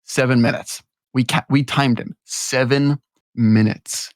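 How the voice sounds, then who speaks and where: A man's voice: mid-range voice, steady tone, slow, dry recording. A young man co-hosting a podcast, telling crude stories in a rambling, laughing way. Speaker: podcast co-host. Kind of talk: casual chat.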